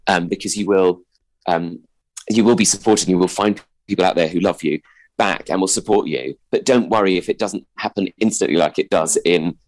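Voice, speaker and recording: A posh-sounding man speaks in a fairly low voice, hesitant and self-deprecating. He often trips over and restarts his sentences while chatting as an interview guest. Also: normal speed, darkish tone. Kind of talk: casual interview chat.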